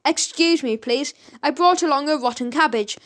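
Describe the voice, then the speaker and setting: A woman's voice: high-pitched, normal speed, a bit bright. A woman voicing a cheeky, eager male shopkeeper.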